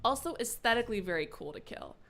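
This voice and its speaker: A woman streamer giving live gameplay commentary, excitable and swearing freely as she reacts loudly. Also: a little high, fast. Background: game music.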